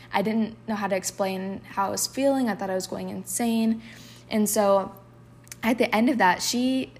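A woman's voice: medium pitch, slight background noise. A woman hosting a podcast, telling a candid personal story full of "like" fillers and reading poems aloud, sometimes dropping to a whisper. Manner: emotional, confessional, with frequent filler "like". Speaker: podcast host.

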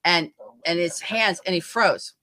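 A woman's voice: lowish voice, a little slow, sharp tone. Chatty woman podcast co-host. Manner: chatty, trails off and restarts mid-sentence. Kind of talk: casual political chat.

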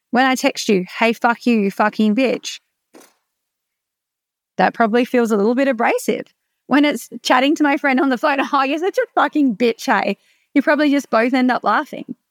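A woman's voice: a little high, no room sound, clean studio sound. A woman, coaching in a blunt, emphatic, swearing monologue. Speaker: herpes acceptance coach. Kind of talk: motivational vlog monologue.

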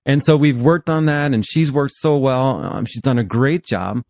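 A man in his fifties talks earnestly as a podcast host, drawing on his work as a pastor and therapist. His voice sits in a middle register, he gets animated and laughs through his words, and the sound is close and dry. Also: medium pitch, moderate pace, creaky, no room sound. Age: 50s. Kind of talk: podcast conversation.

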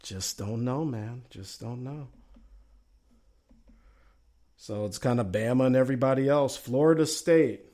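A man's voice: medium pitch, a little slow, pauses often, warm tone. A man with a Southern accent hosting a casual sports talk show, musing aloud and reading chat messages in a folksy, drawling way.

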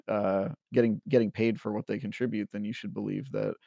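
A man's voice: lowish voice, steady tone, normal speed, vocal fry, dark tone, no echo, dull audio. A man co-hosting a games podcast, chatting casually in an opinionated, joking way, with some fillers and restarts. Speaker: podcast co-host. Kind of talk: casual chat.

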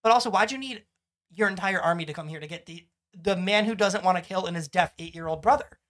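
A man's voice: sits high, fast talker, fairly bright tone. A man co-hosting a podcast, recapping a TV episode in casual chat, rambling and swearing as he acts out lines from the show. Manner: rambling, profane, acts out quotes with shifting voices. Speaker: podcast co-host.

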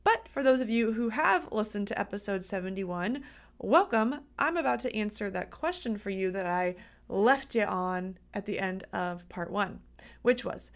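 An upbeat woman hosts her own podcast, chatting directly to listeners like a coach. Her voice sits in a mid pitch, and she sounds friendly and encouraging. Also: animated, normal speed. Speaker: podcast host and dietitian. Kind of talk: solo podcast talk.

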